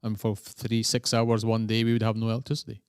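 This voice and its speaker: A man's voice: fairly low pitch, completely flat delivery, a little fast, clear, resonant tone, no room sound, clean studio sound. A man with a Scottish accent, a guest in a conversational interview, telling stories in a rambling way and often correcting himself. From Scotland. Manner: rambling, self-correcting storyteller.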